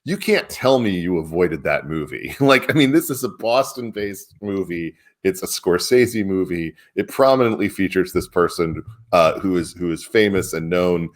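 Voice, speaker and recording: A man's voice: low-pitched, lively intonation, moderate pace, hardly any pauses. A man co-hosting a casual political chat, talking emphatically with incredulous, chuckling asides. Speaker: publisher and co-host.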